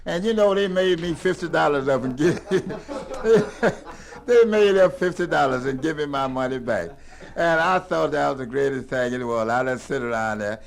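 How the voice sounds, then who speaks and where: An older man telling a rambling tall tale in a folksy, animated drawl. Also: on the high side, normal speed, vocal fry. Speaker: storyteller.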